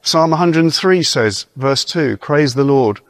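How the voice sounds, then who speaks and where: A man preaching an earnest, encouraging sermon, reading scripture slowly and breaking off for informal asides and questions to his listeners. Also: on the high side, animated, no echo, clean studio sound. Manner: reads verses aloud slowly and deliberately.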